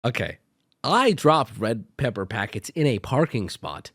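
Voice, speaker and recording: Animated man ranting to his chat. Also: mid-range voice, unhurried, no room sound. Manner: animated, exasperated ranting with frequent restarts. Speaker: streamer and host. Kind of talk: casual storytelling to a live chat.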